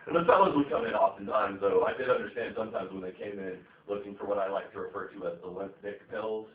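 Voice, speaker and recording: On a comedy club stage, a man with a lowish voice talks fast through a rambling, foul-mouthed stand-up routine loaded with fillers. The live audio is echoey, tinny, and distant.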